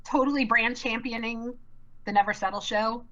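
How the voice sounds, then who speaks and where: Woman, live stream co-host, bubbly, excitable, rambling, bright tone. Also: fairly high pitch, highs cut off. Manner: bubbly, rambling, fast excited delivery with many fillers.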